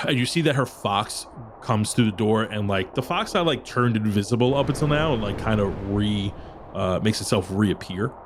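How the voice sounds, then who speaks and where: A man's voice: on the low side, animated, normal speed, a little hiss or hum. A man narrating a tabletop game as dungeon master, describing scenes at length.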